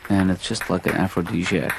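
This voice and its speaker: Cast: a gentle, low-voiced cartoon therapist dad, gravelly and hesitant, on a noisy soundtrack. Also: male voice, steady tone, fairly quick. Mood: calm. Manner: soft-spoken, hesitant, trailing off. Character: mild-mannered middle-aged male therapist father. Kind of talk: dry animated sitcom dialogue.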